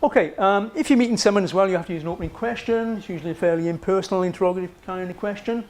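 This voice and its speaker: Slightly high-voiced male lecturer. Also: rapid-fire, a little mellow. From Wales. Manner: conversational, frequent "okay" checks and fillers. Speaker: psychology lecturer. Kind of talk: university lecture. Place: lecture room.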